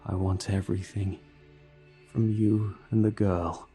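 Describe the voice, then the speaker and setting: A man's voice: fairly low pitch, steady tone, warm tone, breathy edge, soft background music, heavily acted. Man putting on a drawling Texas monster. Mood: menacing. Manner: slow menacing drawl. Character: monstrous male creature with a slow drawl.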